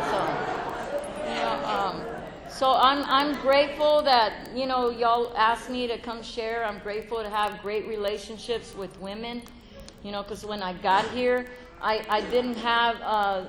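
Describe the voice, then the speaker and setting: A woman's voice: on the high side, fairly even intonation, unhurried. A middle-aged woman giving a candid personal testimony to a meeting, frank and laughing often, swearing freely. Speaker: recovery meeting speaker. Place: meeting room with an audience. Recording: faint crowd and background noise.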